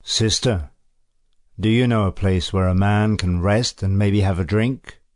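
A man doing a big tired stranger in a storybook: deep, husky, terse answers, slow and low. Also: fairly even intonation, no echo, clean studio sound, lightly acted. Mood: weary. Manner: short, plain replies. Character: big strong tired man, newcomer, quiet and plain.

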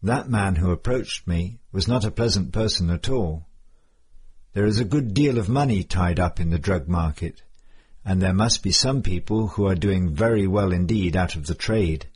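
A man's voice: deep voice, normal speed, slightly rough. A man voicing a cautious male friend giving earnest warnings.

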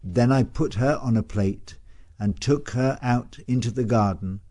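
A man reading a story aloud as first-person narrator, calm and measured. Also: medium pitch.

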